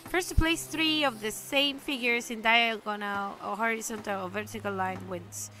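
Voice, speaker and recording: A woman voicing an old cryptic man who loves games, speaking in a slow, solemn, riddling way. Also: on the high side, steady tone, sharp tone.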